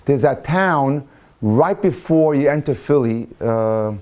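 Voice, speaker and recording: A man, a rabbi, telling a story in a sermon, animated and swinging into excited quoted voices. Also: mid-range voice, slow pace. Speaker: rabbi lecturer.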